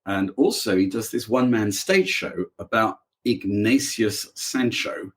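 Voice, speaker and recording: Lower-voiced man chatting as a guest. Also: unhurried. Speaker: author guest. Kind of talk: casual conversation.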